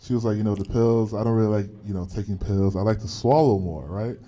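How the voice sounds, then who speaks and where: A man's voice: lowish voice, fast talker, mellow. A young man co-hosting a podcast, telling a story in casual chat, rambling with fillers and laughing often. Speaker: podcast co-host.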